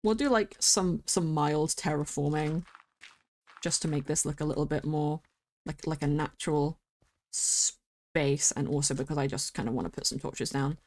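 A woman streamer giving casual gameplay commentary, chatty and quick to get excited, squealing at the animals she meets. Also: low voice.

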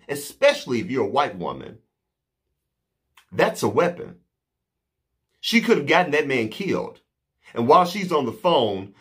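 A man delivering an impassioned, indignant monologue to camera, slow and emphatic with pauses. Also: mid-range voice, husky. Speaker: vlogger.

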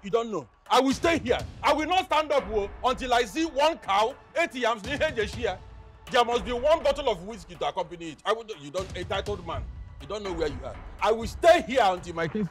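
An actor with a Nigerian accent playing a boastful, philandering husband known as Chief, mocking and blustering. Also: male voice, high-pitched, animated, fairly quick. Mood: indignant. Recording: distant mic with faint film music.

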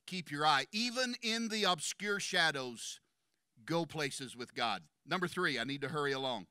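A man preaching a sermon in a church, impassioned and building to shouts, racing through some phrases and slowing on others for emphasis. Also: on the high side, clear, resonant tone, no room sound, clean studio sound. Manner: impassioned, rising to shouts at climaxes; rapid bursts of speech between slower emphatic phrases. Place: church sanctuary.

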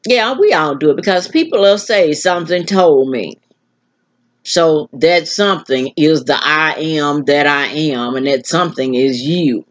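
An older woman, talking to camera in a slow, musing, rambling monologue full of restarts. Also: sits low, lively intonation, highs cut off. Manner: slow, musing, with many restarts and filler words. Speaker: vlogger.

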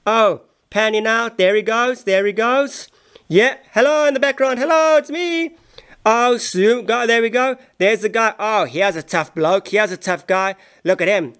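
A man giving playful, excitable comic voice-over commentary. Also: sits high, normal speed, clean tone. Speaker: voice-over narrator.

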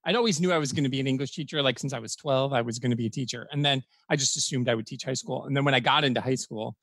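A man's voice: mid-range voice, very fast, a bit bright, dry recording. A man, a college professor telling blunt stories and swearing casually. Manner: frank storytelling, swears casually. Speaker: college professor, podcast guest. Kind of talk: casual podcast chat.

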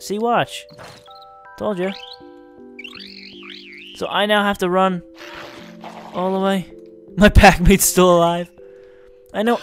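A man with a slightly high voice gives excitable gameplay commentary. He shifts quickly between amused laughter and loud exasperation. Soft music plays faintly behind him. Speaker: let's play host.

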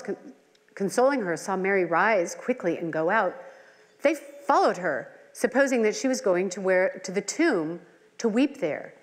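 A middle-aged woman leading a women's Bible study in a conversational teaching style, earnest and full of personal asides and rhetorical questions. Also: medium pitch. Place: church hall. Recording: long hall reverb.

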